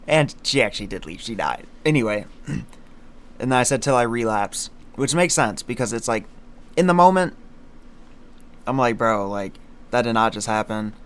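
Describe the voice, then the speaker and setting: A man's voice: on the low side, normal speed, a bit bright, clean tone. Rambling young man explaining his lyrics. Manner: rambling, filler-heavy, slangy. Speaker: streamer explaining his song. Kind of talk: casual livestream chat.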